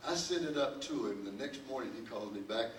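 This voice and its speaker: A man's voice: mid-range voice, expressive, fast talker, a little hiss or hum. Older man telling a rambling story in an echoey hall. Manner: rambling, full of restarts, chuckling storyteller. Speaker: panel guest, record producer. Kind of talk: anecdotal storytelling on a panel. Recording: echoey hall, distant mic, faint ambience.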